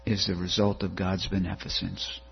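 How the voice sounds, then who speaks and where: Male preacher, low husky voice, dramatic sermon delivery, muffled recording with hum. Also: flat delivery, normal speed. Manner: dramatic preaching, builds to rhythmic recitation. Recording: dull lo-fi recording with mains hum.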